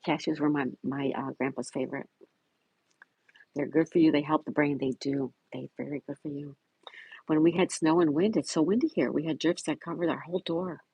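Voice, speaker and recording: A man's voice: a little high, fairly even intonation, a little fast, vocal fry, darkish tone, husky, no room sound, poor audio. A man hosting a casual livestream, reading viewer comments aloud and greeting chatters by name. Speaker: livestream host. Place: home in Florida.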